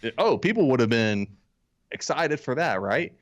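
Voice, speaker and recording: A man's voice: mid-range voice, very animated, moderate pace, highs cut off. A man co-hosting a podcast, talking bluntly and a bit sarcastically in casual chat. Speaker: podcast co-host.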